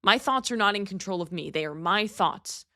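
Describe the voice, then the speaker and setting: A woman's voice: medium pitch, lively intonation, moderate pace, pushed and bright, no room sound, clean studio sound. A young adult woman hosting a podcast, giving a candid, earnest motivational monologue and swearing casually. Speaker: podcast host.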